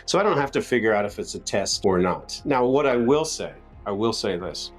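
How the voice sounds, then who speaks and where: Male guest coach, earnest and calm, slightly low voice, soft guitar music behind. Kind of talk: reflective advice.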